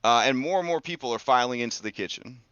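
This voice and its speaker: A man's voice: medium pitch, fast talker, muffled recording. A man narrating as game master of a tabletop game, talking with lots of fillers and restarts. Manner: lively, many fillers and restarts.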